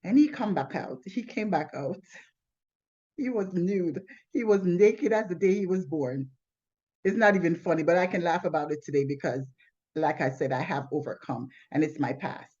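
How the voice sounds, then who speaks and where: A woman's voice: lowish voice, normal speed, dark tone, slightly rough. A woman telling her personal testimony in an earnest, plainspoken way, often restarting her sentences. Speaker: testimony sharer. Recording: slightly dull lo-fi recording.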